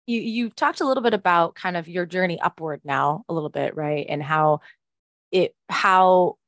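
A woman hosting a podcast, asking gentle, reflective questions and holding space for her guest. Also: low-pitched, dry recording, studio quality. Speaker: podcast host. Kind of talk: supportive interview conversation.

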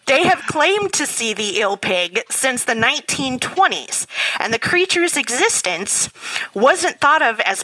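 A woman's voice: on the high side, bright, forceful tone, dry recording, low-quality recording. A tired, slap-happy woman co-hosting a casual podcast chat, laughing often. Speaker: podcast co-host.

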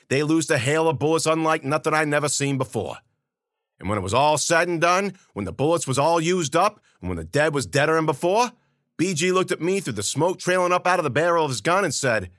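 Male storyteller, tough-guy slang, lively pitch, bright clear tone, dry close mic. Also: no echo. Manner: tough-guy slang, wry asides to the listener. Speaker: storyteller and podcast host. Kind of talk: first-person hardboiled storytelling.

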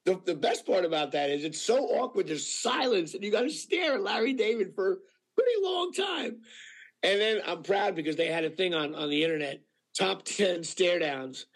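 Gravelly high-voiced man telling stories. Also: normal speed. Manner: animated storyteller with many fillers, acting out quotes. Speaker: actor guest. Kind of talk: casual anecdote telling.

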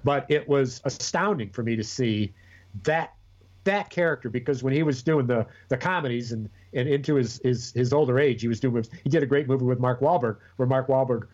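A man's voice: mid-range voice, brisk, a little mellow, highs cut off. A man co-hosting a podcast in casual chat, rambling and profane with many restarts. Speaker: podcast co-host.

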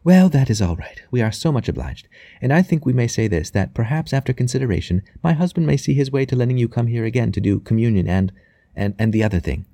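A man's voice: mid-range voice, expressive, fast talker, creaky, warm tone, no echo, studio quality, voice pushed up. A man reading as a sweetly mocking young wife. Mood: smoothly persuasive. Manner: sweetly mocking, coolly in control.

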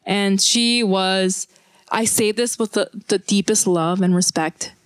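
A woman podcast co-host telling a story in casual chat, animated and full of fillers. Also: medium pitch, slow pace, dry recording. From Korean family. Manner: animated storytelling with lots of "like" and laughter.

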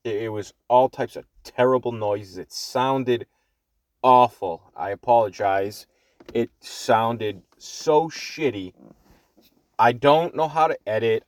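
A man's voice: medium pitch, unhurried, no echo. Rambling Boston man in his car. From Boston, Massachusetts. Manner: rambling, many fillers and restarts, blunt and profane. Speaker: podcast host. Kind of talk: off-the-cuff solo podcast monologue. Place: parked car. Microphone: earbuds mic.

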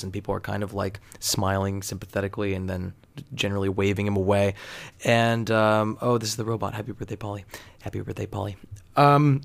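A man telling a story in a casual, rambling monologue, full of fillers and swearing. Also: on the low side. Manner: rambling, profane, filler-heavy.

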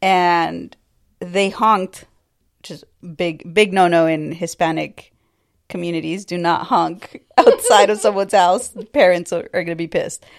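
A woman's voice: fairly low pitch, steady tone, unhurried, vocal fry. Woman cohost telling a story, wry, laughs and swears casually. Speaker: podcast co-host.

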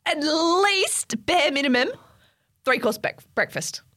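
A woman co-hosts a casual podcast, chiming in with quick reactions and jokes. Her voice is high and bright, and it swings widely in pitch. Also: expressive. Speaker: podcast co-host. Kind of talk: casual chat.

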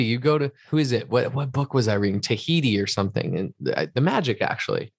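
A man's voice: medium pitch, very animated, fast talker, creaky, few pauses, no echo, studio quality. A man co-hosting a podcast, talking casually and earnestly in a reflective, motivational way. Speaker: podcast co-host. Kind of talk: casual chat.

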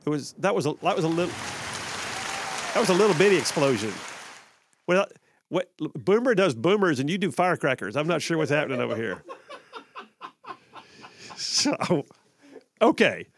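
A man's voice: a little high, sing-song, moderate pace, long pauses, crowd noise, background noise. A man hosting live talk radio from a studio, chatty and joking, often repeating himself. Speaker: radio talk show host. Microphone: studio microphone.

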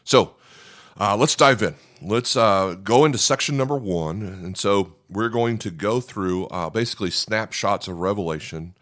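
A deep, low-pitched man teaching a sermon. He talks in a relaxed, conversational way and keeps checking in with his listeners. His tone is that of a pastor walking a congregation through a lesson. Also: normal speed. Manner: conversational, frequent "okay?" check-ins.

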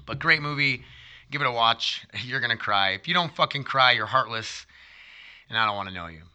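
A man in his thirties with a very bright, forward voice speaks in a loose, rambling monologue. He wanders off on tangents and swears casually as he goes. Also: medium pitch, animated, a little fast, dull audio. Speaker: vlogger.

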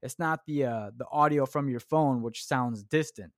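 A man's voice: medium pitch, moderate pace, no echo, clean studio sound. A man hosting a solo podcast, rambling casually and tossing in "man" and "dude.". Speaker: podcast host. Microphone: clip-on shirt mic.

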